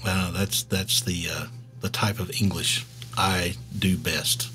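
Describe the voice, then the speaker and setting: Slow Southern-drawl man, low voice. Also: fairly even intonation, pushed and bright, soft background music. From Georgia, US. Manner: rambling, halting, with many fillers. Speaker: developer stream host. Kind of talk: casual live-stream chat.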